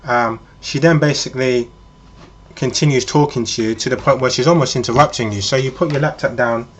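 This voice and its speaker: Rambling man, mid-pitched voice. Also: brisk, muffled recording, slight background noise. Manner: addresses the listener as "you", rambling, with frequent ums. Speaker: vlogger. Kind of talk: casual monologue.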